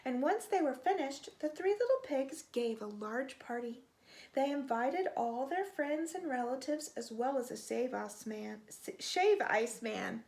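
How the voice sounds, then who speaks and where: A woman reading a children's picture book aloud, expressive and stretching out the sound words. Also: high-pitched, unhurried, creaky. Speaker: storytime reader.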